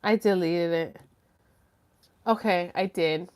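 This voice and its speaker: A woman hosting a live stream, telling her viewers a story casually, rambling and animated, with lots of "like" and some swearing. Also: fairly low pitch, takes it slowly, clean tone. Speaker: host of a live chat stream.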